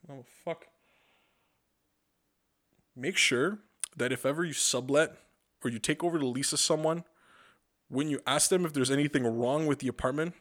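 A man's voice: medium pitch, fairly quick, long pauses. A man hosting a podcast, telling rambling, profane stories with lots of stammered restarts. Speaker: podcast host. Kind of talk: casual comedic monologue.

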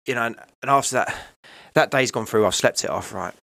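A man's voice: mid-range voice, gravelly, pushed and bright, no echo, clean studio sound. A man, telling his own story in a candid, emotional, rambling way, often asking "right?" and "you know". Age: 30s. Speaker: podcast guest.

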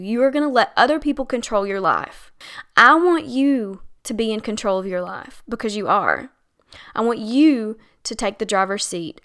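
A woman's voice: mid-range voice, fairly bright tone, clean tone. A woman hosting her own podcast, giving chatty, encouraging advice on setting boundaries and laughing now and then. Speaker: podcast host and coach. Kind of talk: casual solo podcast advice.

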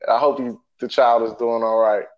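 A man swapping sports stories in relaxed podcast chat, often laughing at his own punchlines. His pitch is ordinary, and the recording sounds somewhat dull and muffled. He speaks in loose, conversational bursts. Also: moderate pace. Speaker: podcast co-host.

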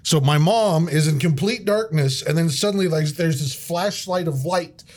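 A man's voice: on the high side, normal speed. A man chatting casually and animatedly, swearing freely and acting out quotes. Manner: animated, profane, acts out quotes. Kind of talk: casual chat.

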